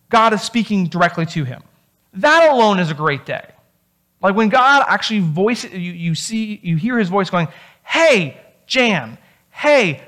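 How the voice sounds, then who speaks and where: A pastor preaching a sermon in a conversational, animated storytelling manner. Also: medium pitch.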